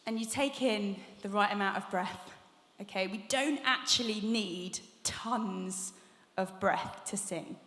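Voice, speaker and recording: A woman's voice: mid-range voice, slow, a bit bright. A young woman teaching a vocal workshop, chatty and encouraging, laughing often as she demonstrates exercises. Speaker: vocal coach leading a workshop. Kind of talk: live masterclass teaching. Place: large conference hall. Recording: echoey hall with long reverb.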